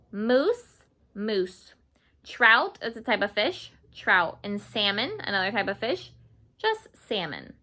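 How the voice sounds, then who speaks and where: A woman's voice: a little high, bright, forceful tone. A woman teaching English grammar to Spanish-speaking children, repeating each word patiently and slipping in Spanish glosses. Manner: slow, patient, repeats words for students.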